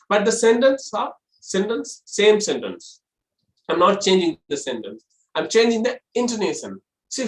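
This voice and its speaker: Teacher explaining voice modulation, swings the pitch up and down a lot, echoey room. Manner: explanatory, demonstrates with exaggerated pitch shifts. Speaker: college lecturer. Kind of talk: online lecture on voice modulation. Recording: roomy echo.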